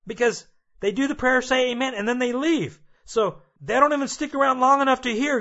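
A man's voice: very high voice, fairly quick, bright, forceful tone, lo-fi sound. A male preacher giving a sermon, emphatic and repetitive, addressing his listeners directly.

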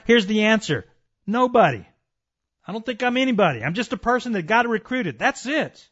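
A man's voice: sits high, lively intonation, normal speed, a bit bright, lo-fi sound. A man preaching an emphatic sermon, calling his listeners folks and warning them of judgment.

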